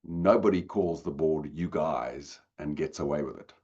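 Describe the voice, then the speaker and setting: A man voicing a soft-spoken, timid grown man in a retold story, speaking in a subdued voice. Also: rumbling low, measured pace, breathy edge, dull audio, pitched below the performer's own voice, full character voice.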